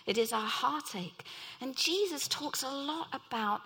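A woman's voice: high voice, expressive, unhurried, sharp tone. A middle-aged woman preaching a sermon, earnest and telling personal stories. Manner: earnest, acts out quoted voices.

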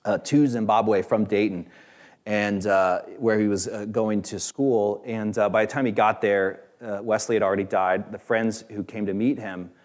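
Halting conversational male preacher. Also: fairly low pitch. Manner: conversational, halting with many fillers; voice rises and grows louder when quoting others. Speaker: pastor. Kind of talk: sermon.

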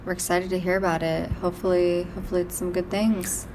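A woman's voice: fairly low pitch, little pitch movement, fast, noisy background. A woman from Iowa co-hosting a casual chat podcast from a balcony, chatty and rambling. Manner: chatty, rambling, lots of fillers. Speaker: podcast co-host. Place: balcony behind a glass panel.

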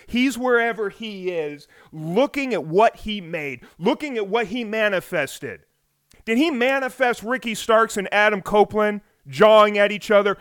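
A man hosting a solo wrestling podcast, talking animatedly with rhetorical questions and swings between loud and hushed delivery. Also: sits high, no room sound, clean studio sound. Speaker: podcast host. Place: home on the US West Coast.

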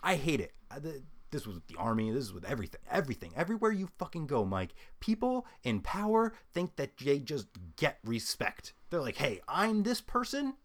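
Young man, casual podcast chatter, lively swooping pitch, swears constantly. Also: brisk, few pauses. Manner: profane ranting, mimics people in a high voice; laughs often. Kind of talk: casual chat.

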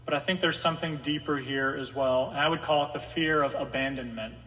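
A man's voice: medium pitch, fairly even intonation, a little fast, pushed and bright. A man preaching a conversational sermon to a room of listeners, sometimes voicing the psalmist's anxious pleas. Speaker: pastor. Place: room with an audience. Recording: long hall reverb.

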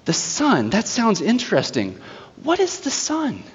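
A mocking, lulling witch, put on by a man preaching a sermon speaks in a soft, coaxing way full of feigned innocence. The voice sits well above his own pitch and sounds hushed. It carries the long echo of a church hall on a slightly dull recording. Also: wildly swooping pitch, a little slow, husky, full character voice. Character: sly mocking evil female witch, lulling.

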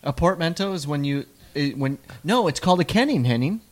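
A man's voice: on the high side, lively intonation, a little fast. A man co-hosting a podcast in casual chat, rambling and joking and often tripping over his words. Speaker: podcast co-host.

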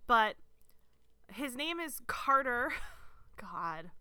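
A woman's voice: on the high side, very animated, drawn-out words, pushed and bright, smooth, no echo. A woman co-hosting a podcast, chatting casually and bluntly, laughing often. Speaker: podcast co-host.

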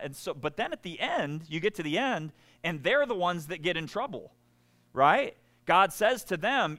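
A man preaching a sermon, animated, with sarcastic asides and frequent "y'all". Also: sits high, moderate pace. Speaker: pastor.

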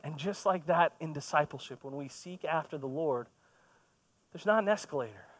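A man in his thirties delivers a sermon as a relaxed, conversational story, poking fun at himself along the way. His voice sits fairly high for a man. The recording is close and dry, with no room echo. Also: normal speed. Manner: conversational, storytelling with self-deprecating humor. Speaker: pastor. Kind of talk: sermon with personal stories.

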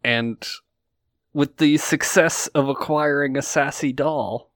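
A man narrating a tabletop game as game master and podcast host, in a slow, drawn-out storytelling manner. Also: on the high side, steady tone, a bit bright, dry recording, clean studio sound.

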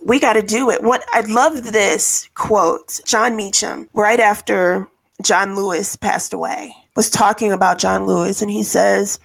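A woman talking in a relaxed podcast conversation, her voice heavy with creaky fry. She tells stories at an easy pace, stopping often to think. Her pitch sits in a middle range. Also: measured pace. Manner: storytelling, thoughtful, with frequent ums. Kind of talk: casual discussion.

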